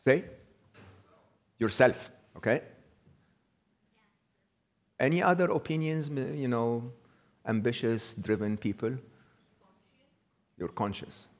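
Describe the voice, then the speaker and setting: A man's voice: medium pitch, slow pace, long pauses. A man with an Egyptian accent giving a live talk to an audience, asking them questions and acting out an inner voice, with many fillers and restarts. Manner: interactive, asks the audience questions; acts out the inner voice in quotes.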